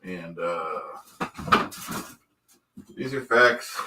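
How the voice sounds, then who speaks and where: A man doing a self-important, thin-skinned guy cooking ham and eggs for a live stream, in a somewhat low voice. He rambles from topic to topic and keeps indignantly repeating that nobody should question him, all in an improvised comedy bit. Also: animated, extremely slow, heavy background noise, exaggerated voice. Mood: blustering. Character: pompous, touchy middle-aged man cooking eggs live. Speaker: livestream host in character.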